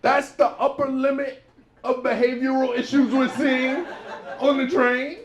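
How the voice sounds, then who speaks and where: A male stand-up comedian doing a club set, loud and animated as he acts out people. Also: very high-pitched, a little slow, dull audio, crowd noise. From New York.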